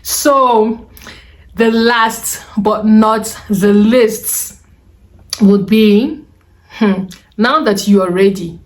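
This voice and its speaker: A young woman with a Nigerian accent talks straight to camera from a closed-up room at home. She is animated and chatty, with a middling pitch and Pidgin asides dropped into her advice. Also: extremely slow, pauses often. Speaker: vlogger. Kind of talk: casual advice vlog.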